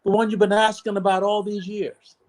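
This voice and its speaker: A man's voice: high voice, level tone, brisk, pitched above the performer's own voice, natural voice. An older man voicing a blunt, suspicious older woman questioning a caller on the phone, abrupt and challenging.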